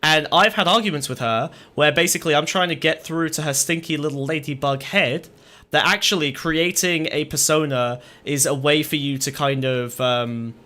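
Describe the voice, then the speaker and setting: A man with a fairly high, bright voice argues his case in a relaxed podcast conversation. He talks in an animated, insistent way and keeps circling back to press his point. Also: normal speed. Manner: animated, argumentative. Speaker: podcast guest. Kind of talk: casual chat.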